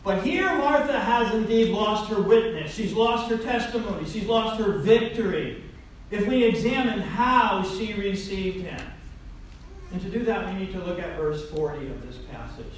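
A man preaching a sermon as pastor, emphatic and swinging between loud declarations and quiet asides. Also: high voice, animated, normal speed, slight background noise. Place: church sanctuary. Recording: very echoey, distant mic.

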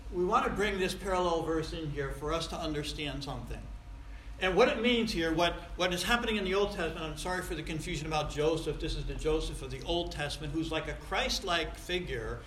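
Man preaching, sharp voice, big swings loud to quiet, roomy echo. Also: on the high side, a little fast, a little hiss or hum. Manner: emphatic, swings between loud stress and quiet asides. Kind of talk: sermon. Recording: echoey room.

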